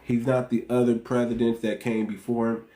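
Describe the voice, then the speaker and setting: A man from the US with a dark, mid-range voice comments on politics during a livestream at normal speed, his pitch moving little. Emphatic, he repeats phrases and speaks directly to chat, captured roughly by a small, inexpensive wireless clip mic.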